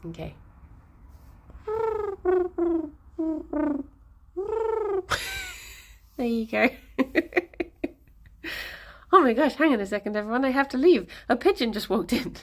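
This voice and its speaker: A woman's voice: fairly high pitch, animated, normal speed, pauses often, fairly bright tone. A young British woman chatting casually on a livestream from home, giggly and playful, cooing to her pet rabbits. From United Kingdom. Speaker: streamer. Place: home, indoors.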